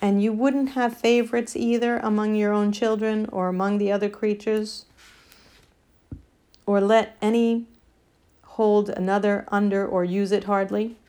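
A woman voicing a great wise male lion, speaking in a grave, measured, formal way in an audiobook. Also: mid-range voice, flat delivery, mellow, smooth, close to an everyday voice. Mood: solemn. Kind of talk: audiobook character voice.

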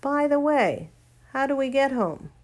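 A woman reading a storybook aloud, voicing a curious, excitable young boy in a raised voice. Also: high-pitched, measured pace, voice pushed up.

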